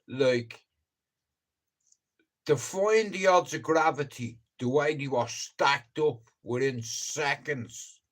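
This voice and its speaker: A man hosting a live stream, rambling through stories in casual chat and swearing freely as he talks straight to his viewers. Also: mid-range voice. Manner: profane, rambling storyteller who addresses viewers directly. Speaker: livestream host.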